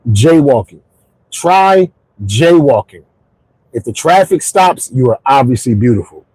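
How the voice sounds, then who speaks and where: A man in his forties, a comedian hosting his podcast, telling jokes in a stand-up storytelling monologue with punchy, shouted punchlines, recorded in his car on the drive home. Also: on the high side, no room sound, poor audio. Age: 40s.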